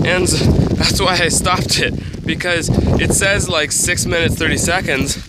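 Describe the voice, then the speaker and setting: A teenage boy chats to his handheld camera in a loose, rambling way, full of ums and little laughs. His pitch is ordinary for a young man. The recording is noisy, with wind and heavy rain behind him outdoors. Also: fairly even intonation, measured pace. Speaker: vlogger. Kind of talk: casual vlog talk to camera. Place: home, then outdoors by a road in heavy rain.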